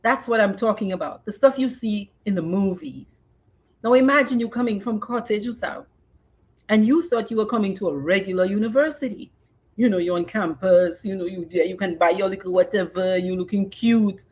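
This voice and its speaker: A woman in her fifties, a podcast host, reads a personal memoir in an expressive way and then chats casually, dropping in Creole phrases. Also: mid-range voice, normal speed, breathy edge.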